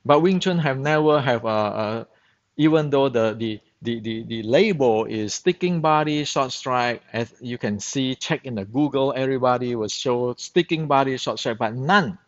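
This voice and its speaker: A man's voice: medium pitch, moderate pace. A man whose first language is Chinese, a Wing Chun instructor giving a blunt, emphatic monologue in broken English and often repeating words as he searches for them. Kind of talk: opinionated monologue. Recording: dull, muffled lo-fi sound.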